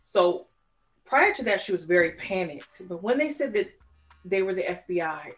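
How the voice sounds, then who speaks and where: A woman co-hosting a casual true-crime podcast, retelling a case in an animated storytelling way. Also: fairly low pitch, moderate pace, faint music behind. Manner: storytelling, animated recounting with quoted voices. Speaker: podcast co-host.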